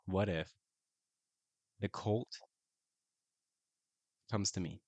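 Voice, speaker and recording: Excitable man playing a solo horror RPG. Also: low-pitched, extremely slow, no echo. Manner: excitable, keeps saying oh my goodness. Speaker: solo tabletop RPG player. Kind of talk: reading game prompts and reacting aloud.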